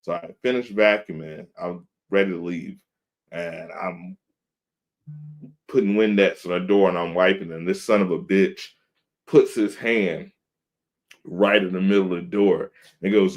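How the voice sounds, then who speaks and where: A man with a fairly low voice tells a story on a podcast. He is casual and animated, and he acts out the other people in the story with put-on voices. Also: unhurried. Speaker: podcast host.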